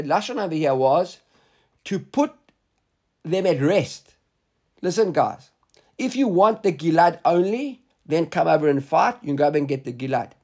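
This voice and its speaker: High-voiced man teaching a Talmud class. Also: a little mellow. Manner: reads Hebrew and Aramaic text aloud then explains in English.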